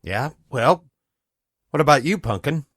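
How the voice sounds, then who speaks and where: A man playing in character at a tabletop game, folksy and joking, often dropping into soft tender lines. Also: on the high side, lively intonation, measured pace, slightly rough, no echo, clean studio sound. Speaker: player.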